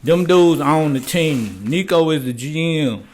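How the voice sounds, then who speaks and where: A man's voice: on the high side, lively intonation, a little slow, darkish tone. An older man hosting a casual sports talk show, rambling loosely in slang and repeating "man" and "you know what I'm saying.". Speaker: podcast host. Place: garage.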